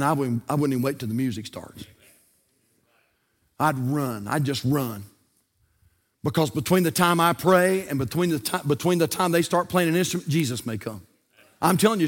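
A man preaching a sermon as pastor of a church, telling a story dramatically, swinging from hushed tones to shouting, then praying aloud softly. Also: normal speed, long pauses. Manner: prays aloud in a soft, low voice. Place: church service.

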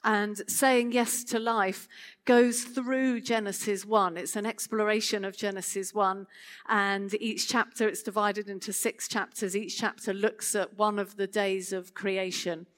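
A woman giving a sermon to a gathered audience, talking in an expressive, conversational way. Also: medium pitch. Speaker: speaker.

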